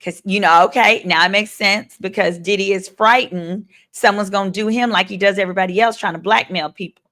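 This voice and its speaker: With a mid-range voice and a slightly quick delivery, this attorney hosts a live stream, speaking directly to viewers as she gives spirited, sassy takes on the law.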